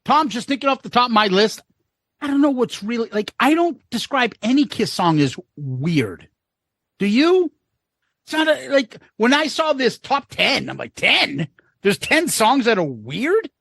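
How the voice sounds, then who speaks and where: A man's voice: very high-pitched, very animated, a little slow, vocal fry, fairly bright tone, breathy edge, no echo. A man co-hosting a podcast in casual chat, blunt and profane, laughing often. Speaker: podcast co-host.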